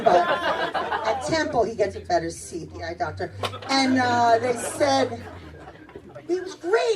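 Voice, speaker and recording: A brash, high-voiced middle-aged woman works through a stand-up set, chatty and laughing at her own punchlines. She sounds a bit far from the recorder, with a club crowd laughing loudly around her. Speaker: stand-up comedian. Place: comedy club stage with audience.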